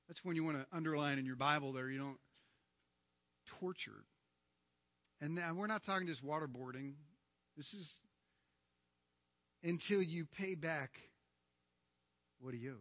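A man preaching a sermon as pastor, emphatic, swinging from hushed lines to near-shouting. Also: on the high side, unhurried, long pauses. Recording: long reverb of a large hall.

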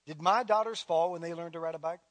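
A middle-aged man preaching a sermon as a pastor, building to loud, emphatic declarations and then easing into a soft, guided prayer. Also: a little high, fast talker, dry recording.

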